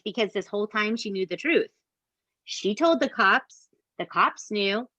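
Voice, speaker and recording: A fairly high-voiced woman recaps a true-crime case for her co-hosts, swearing freely and leaning hard on her outrage. The sound is dry and a little dull, like a home podcast mic with the highs rolled off. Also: dry recording. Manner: animated, profane, emphatic asides to co-hosts. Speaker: podcast host. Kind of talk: casual true-crime storytelling.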